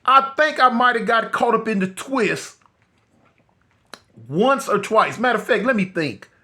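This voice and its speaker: A man vlogging a casual street story in a slangy, animated way, talking straight to his viewers. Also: high voice, unhurried.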